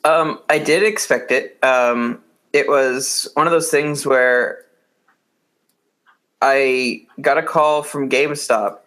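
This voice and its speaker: A man's voice: medium pitch, steady tone, slow pace, sharp tone. Rambling man full of likes. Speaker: podcast co-host. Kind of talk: casual podcast chat.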